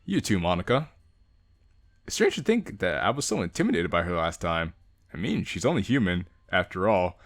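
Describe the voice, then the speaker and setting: Young male gaming host, animated, jokey readthrough with frequent laughter. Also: sits low, moderate pace, dry recording, studio quality. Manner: animated, laughs often, reads and jokes. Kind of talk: casual let's-play narration of a visual novel.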